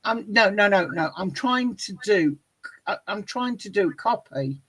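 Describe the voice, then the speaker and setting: A woman's voice: mid-range voice, lively intonation, a little slow, fairly bright tone, husky. A woman hosting a live online chat on a video call, chatty and self-mocking. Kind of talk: casual chat.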